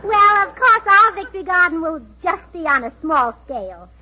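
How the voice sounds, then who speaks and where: A woman with a high, sweet voice plays a scatterbrained wife in a 1940s radio comedy. She says absurd things in a perfectly matter-of-fact way. The recording is dull and muffled. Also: very animated, moderate pace, some chatter behind. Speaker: comedian, co-star of the show.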